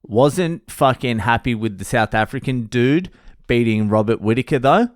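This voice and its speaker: A man's voice: mid-range voice, animated, normal speed, no echo, clean studio sound. An Australian man hosting a solo podcast, rambling and self-mocking, with heavy swearing in casual talk. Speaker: podcast host.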